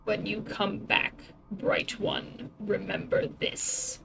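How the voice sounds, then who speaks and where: A woman voicing a cruel male king villain in a video game, threatening in a slow, hushed whisper. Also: mid-range voice, steady tone, creaky, over music, poor audio. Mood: menacing.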